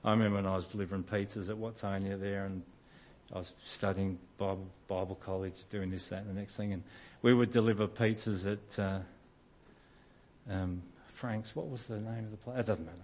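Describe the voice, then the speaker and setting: A man's voice: on the low side, steady tone, a little fast, a little mellow, a little hiss or hum. A middle-aged man preaching a sermon in an informal, self-deprecating storytelling way, often restarting his sentences.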